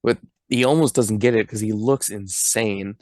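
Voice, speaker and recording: A man's voice: lowish voice, normal speed, a little mellow, no room sound. Podcast guy recapping a movie, chuckles a lot, stacks up details, dry close sound. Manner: laughs often, piles up details. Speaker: podcast co-host. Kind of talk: casual movie recap chat.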